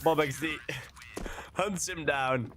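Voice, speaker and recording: A man casting a live match with play-by-play commentary, excitable and quick to exclaim between calls. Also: fairly high pitch, background noise. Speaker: esports caster.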